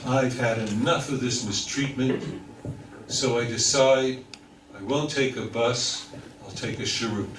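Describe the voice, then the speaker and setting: Older New Yorker spinning a wry tale. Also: male voice, medium pitch, fairly even intonation, a little slow, fairly bright tone, slight background noise. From New York. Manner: wry storyteller, mimics voices in quotes. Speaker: speaker telling stories. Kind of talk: humorous anecdote for a live audience. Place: talk hall with audience. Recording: echoey room from far off.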